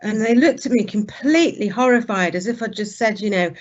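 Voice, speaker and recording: A woman hosting a webinar, starting a question with hesitant restarts and then telling a story briskly. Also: a little high, darkish tone. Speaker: webinar host. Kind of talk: interview question with anecdote. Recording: muffled lo-fi video call audio.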